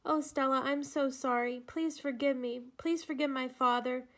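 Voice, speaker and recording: A woman's voice: sits high, fairly even intonation, moderate pace, close to an everyday voice. A woman reading aloud and voicing a timid, frightened young girl who talks in a pleading, apologetic, tearful way.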